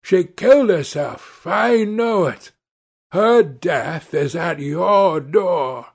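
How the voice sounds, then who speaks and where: A man's voice: high-pitched, expressive, extremely slow, gravelly, voice pushed up, exaggerated voice. Man playing a grim vengeful sailor. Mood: menacing. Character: vengeful rough sailor brother, threatening, grim.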